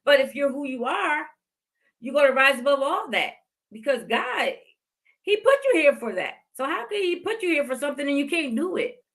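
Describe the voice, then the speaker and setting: A woman's voice: sits high, sing-song, moderate pace, a bit bright. A woman in her fifties hosting a podcast, giving heartfelt motivational faith talk and repeating phrases for emphasis. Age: 50s. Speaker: podcast host.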